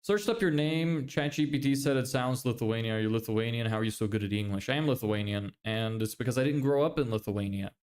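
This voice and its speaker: A young man talks loosely to his viewers on a livestream. His pitch sits in the middle range for a man. He swears freely and laughs often. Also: fairly quick, few pauses, a little mellow. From Ireland. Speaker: livestreamer and agency owner. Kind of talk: casual livestream chat reading viewer messages.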